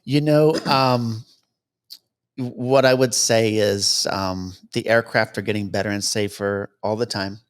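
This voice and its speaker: A man's voice: takes it slowly, clear, resonant tone. A man, a helicopter cameraman guest, telling stories casually and acting out the dialogue he quotes. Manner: anecdotal, acts out quoted dialogue with lively pitch jumps. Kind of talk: casual storytelling interview.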